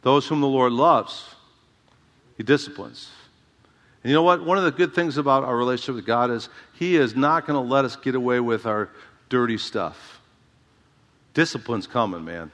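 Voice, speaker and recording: A male pastor preaches through a passage with a bright, forceful delivery. He repeats words and calls out "Amen?" to his listeners. His voice carries a long, echoing hall reverb. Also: medium pitch, expressive, fairly quick. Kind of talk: expository sermon.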